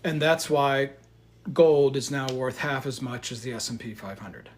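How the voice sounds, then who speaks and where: A man's voice: mid-range voice, steady tone, unhurried, a little hiss or hum. Heated, profane male market commentator. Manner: heated, profane, swings between loud outbursts and quiet asides. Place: indoors in front of a chart.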